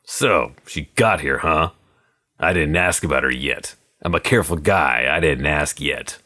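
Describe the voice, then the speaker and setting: A man's voice: very deep voice, expressive, a little slow, sharp tone, full character voice. A man voicing a hard, wary male gangster on the run, in clipped, guarded tough-guy talk. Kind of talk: audiobook character voice.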